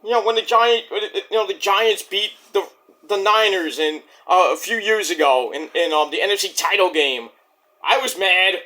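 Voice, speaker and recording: Blunt, high-voiced man ranting. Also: normal speed, pushed and bright. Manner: blunt, profane, rambling. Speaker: vlog host. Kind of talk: casual ranting monologue.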